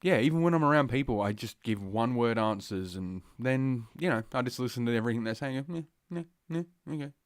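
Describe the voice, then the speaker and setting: A man's voice: mid-range voice, animated, fairly quick, few pauses, no room sound, studio quality. A man hosting a solo podcast, rambling and crude, a little out of breath. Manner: rambling, crude and heavily profane. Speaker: podcast host. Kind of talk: casual solo podcast rant. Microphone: podcast microphone.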